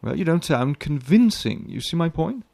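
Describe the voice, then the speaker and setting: An actor playing a fussy radio drama director who hesitates a lot, full of ums and restarts. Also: male voice, a little high, big pitch swings, normal speed, creaky, darkish tone, full character voice.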